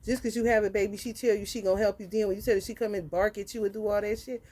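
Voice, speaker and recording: A woman with a mellow, dark voice hosting a live tarot stream. She talks bluntly and profanely and keeps calling people honey. She jumps from loud, high outbursts down to low, muttered asides. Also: steady tone, rapid-fire. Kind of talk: unscripted live-stream monologue.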